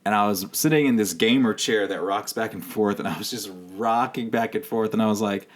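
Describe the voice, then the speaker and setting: A man's voice: lowish voice, brisk. A man of thirty, a podcast host, telling his own story in a candid, rambling way with many fillers. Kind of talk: personal storytelling monologue.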